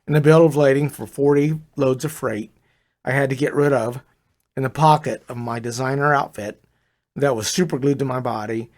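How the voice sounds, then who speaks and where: An older man reads his own first-person story aloud at a middling pitch. He sounds confiding and speaks directly to the listener, calling him "brother". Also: normal speed.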